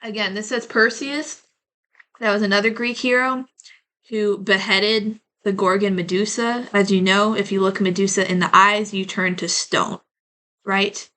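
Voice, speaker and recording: Bright-voiced chatty woman tarot reader. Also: medium pitch, steady tone, measured pace. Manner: chatty and rambling, many "like" fillers, addresses viewers as y'all. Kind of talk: casual collective tarot reading to camera.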